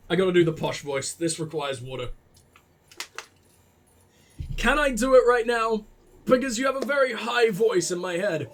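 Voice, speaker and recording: Sarcastic, high-voiced gaming commentator, a man. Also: expressive, moderate pace, pauses often, fairly bright tone, a little hiss or hum. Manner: joking, sarcastic, swears freely. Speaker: let's play host. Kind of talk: gameplay commentary.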